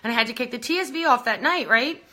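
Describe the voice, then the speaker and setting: A woman's voice: on the high side, animated, fast, bright, forceful tone. A woman hosting a casual live stream, a little out of breath, chatting and laughing as she greets viewers by name. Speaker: beauty brand founder hosting a live stream.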